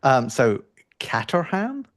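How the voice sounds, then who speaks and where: A man's voice: mid-range voice, huge pitch swings, slow, no room sound, studio quality. Wry male quiz co-host. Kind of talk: casual podcast game chat.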